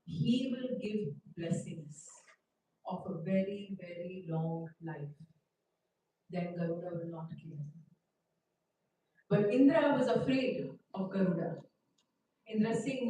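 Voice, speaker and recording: A woman's voice: fairly low pitch, lively intonation, slow, long pauses, warm tone. A woman giving a scripture class, telling a story and often asking the listeners questions. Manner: storytelling, asks the audience questions. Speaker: class speaker. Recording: echoey hall, mic far off.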